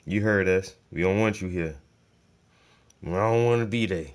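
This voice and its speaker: A man's voice: deep voice, moderate pace. A man chatting casually while painting, telling laid-back, profane stories. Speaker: painting vlogger. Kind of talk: casual rambling chat.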